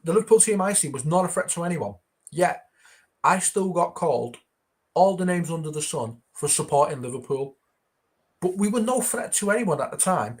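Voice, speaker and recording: A man's voice: fairly high pitch, expressive, normal speed. A man in a casual football chat, emphatic and exasperated, hammering points through repetition. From northern England.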